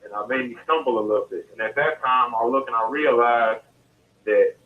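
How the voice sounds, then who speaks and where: A man's voice: medium pitch, a little fast, slight background noise. A man being interviewed, telling his story in detail and in a casual way, often restarting and repeating phrases. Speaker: interview guest. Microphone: phone call. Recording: tinny distant phone line.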